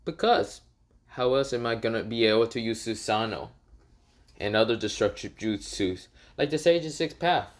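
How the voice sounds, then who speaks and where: A man's voice: medium pitch, lively intonation, normal speed, lightly acted. Guy voicing a cocky op ninja kid, dismissive, offhand. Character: smug overpowered boy ninja.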